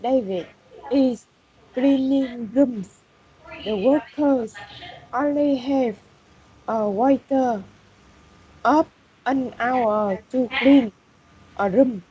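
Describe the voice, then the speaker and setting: A woman studying English, slowly reading a short text aloud word by word. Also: on the high side. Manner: halting, careful word-by-word reading. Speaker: English student. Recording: dull lo-fi audio.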